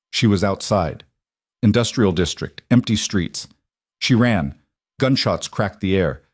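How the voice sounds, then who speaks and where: A man's voice: fairly low pitch, darkish tone, no echo, studio quality. A man narrating a crime thriller story in a tense, dramatic way. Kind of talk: scripted audiobook narration.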